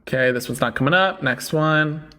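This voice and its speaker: A man hosting a casual livestream debate. His voice sits a bit high, and his delivery is teasing and sarcastic. He scolds callers in a mocking, talking-down tone. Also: normal speed, bright, forceful tone.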